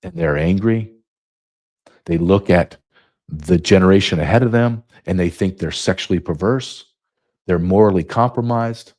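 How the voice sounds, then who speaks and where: A man in his fifties delivers a solo podcast monologue. His voice sits very low and sounds dark and mellow. He drives his points with emphatic, repeated phrases. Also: normal speed. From United States. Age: 50s. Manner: emphatic, repetitive. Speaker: podcast host.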